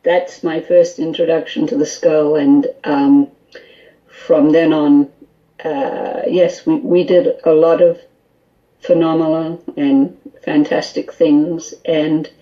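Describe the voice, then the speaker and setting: A woman guest on a call-in radio show, telling an animated story full of quoted dialogue and small laughs. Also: low voice, slow pace, highs cut off. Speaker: guest, skull interpreter.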